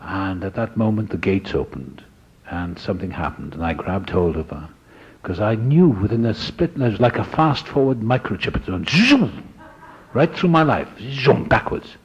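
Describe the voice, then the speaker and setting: An older man telling a personal recovery story to an audience, animated and acting out the voices of people he met. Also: fairly low pitch, moderate pace, breathy edge, lo-fi sound. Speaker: speaker sharing his recovery story.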